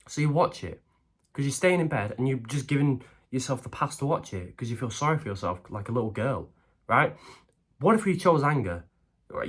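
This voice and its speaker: A young man hosting a self-help video. He talks bluntly and swears freely, and he keeps checking in with "okay?" and "right?". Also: mid-range voice. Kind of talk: blunt motivational monologue.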